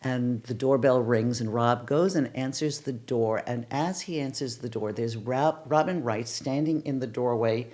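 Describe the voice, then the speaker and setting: A woman's voice: extremely low pitch, a little slow, hardly any pauses. An older woman, a casting director, telling stories in a podcast interview and acting out the exclamations she quotes. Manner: animated, acts out quoted exclamations.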